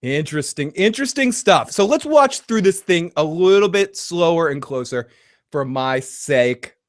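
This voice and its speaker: Excitable, profane high-voiced man. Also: moderate pace, no echo. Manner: excitable, profane, bursts into shouting. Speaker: host of a live reaction stream. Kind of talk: live trailer reaction and chat.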